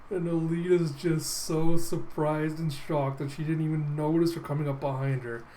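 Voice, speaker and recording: A man hosting a casual comic readthrough, retelling the action in an animated way and swearing now and then. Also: fairly high pitch, normal speed, slight background noise, poor audio. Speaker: host.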